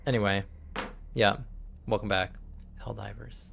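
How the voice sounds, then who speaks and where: A man's voice: on the low side, little pitch movement, a little slow, vocal fry, a bit bright, slight background noise. A man chatting casually on his live stream, rambling, swearing freely and laughing often. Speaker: streamer and game master.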